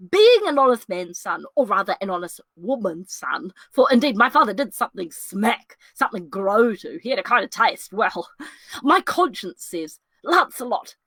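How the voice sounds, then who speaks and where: A woman's voice: on the high side, no echo, heavily acted. A woman doing Lancelot Gobbo, a jittery comic servant. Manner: lively comic monologue, voices his fiend and conscience. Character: comic young male servant, jittery and torn. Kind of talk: solo dramatic reading of a classic play.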